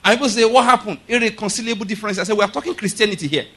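A male pastor preaching a sermon, emphatic and repeatedly asking the congregation if they follow him, building to loud, forceful declarations. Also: high voice, very fast, breathy edge.

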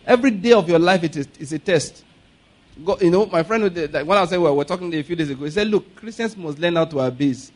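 A man's voice: on the high side, lively intonation, quick pace. A man preaching a sermon, joking and laughing between points and leading the congregation in spoken declarations. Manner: humorous, laughing asides, leads congregation in declarations. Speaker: pastor. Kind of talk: sermon with call-and-response.

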